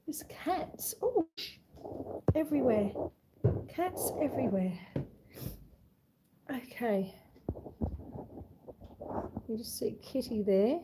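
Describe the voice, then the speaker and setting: On a casual walk-and-talk homestead vlog, a woman moves from freezing fog outdoors into her home, cooing at her pets en route. Her voice is on the high side and animated, slow with long pauses, against a noisy background.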